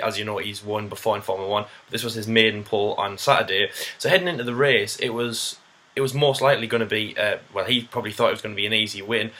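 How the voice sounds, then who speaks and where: A man co-hosting a casual racing debate, talking it through with lively retellings of drivers' radio messages. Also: on the low side. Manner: animated, acts out drivers' radio quotes. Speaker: co-host of a racing review show.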